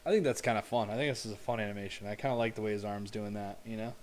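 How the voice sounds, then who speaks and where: Low-voiced man muttering while he works. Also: quick pace. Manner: relaxed, thinking aloud, muttering to himself. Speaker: game developer and animator streaming his work. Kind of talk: casual livestream work talk. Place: home room with noisy neighbors upstairs. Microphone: close desk mic.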